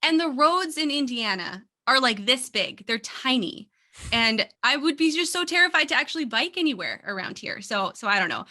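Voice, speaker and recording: Bright, upbeat woman co-hosting a podcast. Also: sits high, big pitch swings, moderate pace. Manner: upbeat, chatty, laughs easily. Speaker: podcast producer and co-host. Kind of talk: casual podcast chat.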